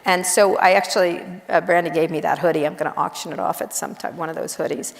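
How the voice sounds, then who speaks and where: A middle-aged woman journalist chatting casually on stage, blunt and wry, telling quick animated stories with asides. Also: on the low side, gravelly. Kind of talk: casual onstage conversation. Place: large university auditorium. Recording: long auditorium reverb.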